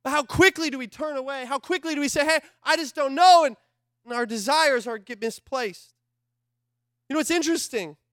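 An animated male pastor preaching with a high, light voice. He talks conversationally and jumps from loud, excited bursts to quiet, hushed asides. The sound is dry and close, with little room echo. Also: a little fast. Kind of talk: sermon.

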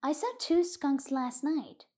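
A woman's voice: high voice, slow, dark tone. A woman reading a shy young boy. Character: boy Nick, shy and easily teased. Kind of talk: audiobook reading of a short story.

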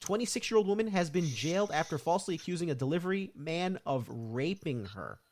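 A man's voice: on the high side, lively intonation, a little fast, background noise. Man reading news on a podcast, sarcastic. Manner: reads out news items with sarcastic asides. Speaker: podcast co-host. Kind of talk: casual podcast talk.

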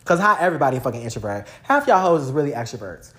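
A woman's voice: extremely low pitch, very animated, rapid-fire, fairly bright tone. Blunt, profane woman ranting to camera. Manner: talks straight to viewers, addressing them. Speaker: vlogger. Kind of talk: casual rant to camera.

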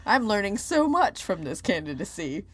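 A woman's voice: mid-range voice, very animated, moderate pace, fairly bright tone, husky. A woman co-hosting a comedy podcast, bantering with playful, mock-naive jokes. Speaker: podcast co-host. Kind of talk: comedic casual chat.

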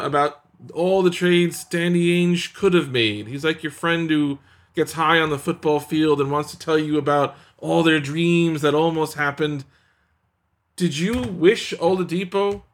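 Sardonic man hosting a sports talk show. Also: a little high. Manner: sardonic, emphatic lists. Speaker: podcast host. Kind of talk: casual sports chat.

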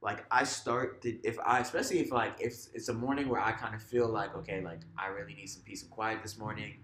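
A man, a teacher co-hosting a podcast, talking in a relaxed way full of "like" and "you know," sometimes acting out what he says in class. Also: lowish voice, brisk, roomy sound, a little hiss or hum. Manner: relaxed, filler-heavy, acts out classroom voices. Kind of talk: casual conversational chat.

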